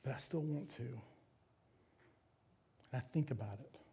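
A man's voice: mid-range voice, unhurried, creaky, dark tone, slight background noise. A man preaching a sermon as a pastor, candid and confessional with self-deprecating humor.

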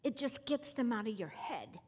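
A woman preaching and telling a story, her delivery swinging from emphatic rising calls to hushed near-whispers. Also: fairly high pitch, big pitch swings, normal speed, husky, in a large hall. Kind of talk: sermon with storytelling.

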